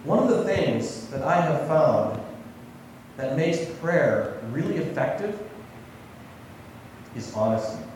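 A male pastor gives a sermon in a relaxed, conversational way, often turning to his listeners with questions. His voice sits a little high and moves with a lot of lift and fall. He sounds distant from the microphone, with a long hall echo around him. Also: slow, long pauses, a little hiss or hum. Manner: conversational, asks the congregation questions. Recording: echoey hall, voice from far off.

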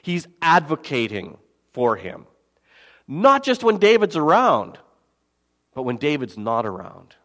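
A man preaching a sermon as pastor, swinging between loud emphasis and quiet, soft asides. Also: fairly high pitch, wildly swooping pitch, unhurried, long pauses. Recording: long hall reverb.

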